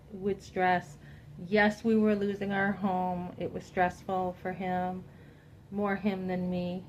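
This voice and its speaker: A woman telling a personal story to her listeners in a candid, animated way, acting out what she and others said and speaking to her audience directly. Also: mid-range voice, a little hiss or hum, rough recording. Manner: animated, quotes herself and others in dialogue, addresses listeners directly. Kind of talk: candid personal testimony to camera.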